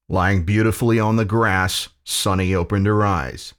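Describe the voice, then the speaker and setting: A man narrating a pulp audio story in a dramatic, deliberate reading. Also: low voice, fairly bright tone.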